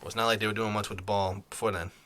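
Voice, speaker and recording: A man co-hosts a casual sports podcast, talking fast and bluntly with the odd swear word. He is a little out of breath, and his voice is bright and forward. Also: fairly low pitch, level tone, a little hiss or hum. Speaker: podcast co-host.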